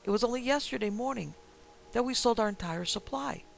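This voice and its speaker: A man's voice: extremely high pitch, brisk, gravelly, faint music behind, pitched above the performer's own voice, full character voice. A man voicing a cheerful Italian greengrocer with an Italian accent, speaking in an expansive, apologetic way.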